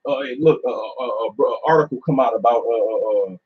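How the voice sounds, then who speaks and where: A man's voice: mid-range voice, quick pace, breathy edge. A man teaching scripture in casual talk among a few men, filling his speech with "uh" and "man". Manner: preachy, filler-heavy, repeats "man". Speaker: group teacher. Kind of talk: casual religious discussion. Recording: dull lo-fi recording.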